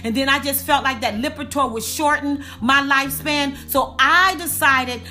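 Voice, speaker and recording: A woman's voice: high voice, pushed and bright, soft background music. A woman giving a preaching-style wellness talk, calling her listeners y'all and repeating lines for emphasis. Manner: repeats lines for emphasis, slow drawn-out punch words. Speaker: faith and wellness speaker.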